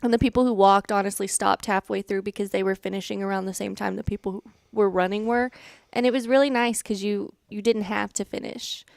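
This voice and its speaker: A woman's voice: mid-range voice, steady tone, brisk, creaky, a little mellow, no room sound, clean studio sound. A woman filling in as co-host on a local morning show, chatting casually about an event. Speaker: fill-in co-host.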